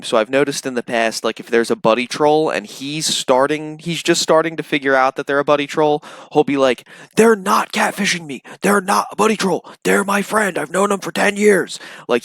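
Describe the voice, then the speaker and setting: A man narrates commentary at a middling pitch, mocking and sarcastic. The sound is dry and close. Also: a bit bright, no echo. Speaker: commentary channel host. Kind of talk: commentary voice-over.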